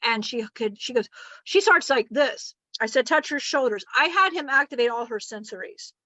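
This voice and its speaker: A woman's voice: on the high side, lively intonation, normal speed, pushed and bright, no room sound. A woman giving a rambling, chatty spiritual teaching and laughing often. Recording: muffled lo-fi recording.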